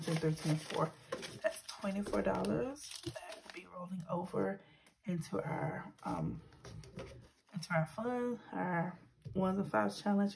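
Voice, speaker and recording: A woman in her thirties chatting casually as a budgeting vlogger. She talks softly, slips into whispers while counting cash and rambles when she vents. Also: fairly low pitch, vocal fry, noisy background. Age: 30s. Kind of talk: casual vlog chat.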